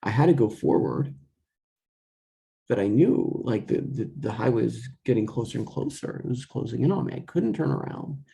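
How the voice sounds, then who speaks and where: A man's voice: mid-range voice, expressive, normal speed, creaky, dark tone. A young man telling a rambling personal story in a casual way, full of fillers and restarts, quoting himself and others. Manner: quotes himself and others in dialogue.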